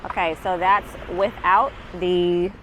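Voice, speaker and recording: Low-pitched chatty woman vlogger. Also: fairly even intonation, takes it slowly, fairly bright tone, muffled recording, slight background noise. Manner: chatty, reassuring asides to viewers. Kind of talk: casual product vlog. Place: outdoors on a windy beach walk. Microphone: handheld pocket camera mic.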